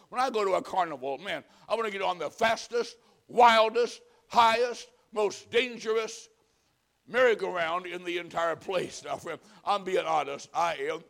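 A man's voice: fairly high pitch, gravelly. Folksy preacher man. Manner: folksy storytelling, swings from loud punchlines to hushed pleading. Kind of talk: humorous sermon.

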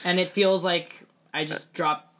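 A young man co-hosting a podcast in casual chat, animated and self-mocking, with lots of fillers. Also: high voice, unhurried. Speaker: podcast co-host.

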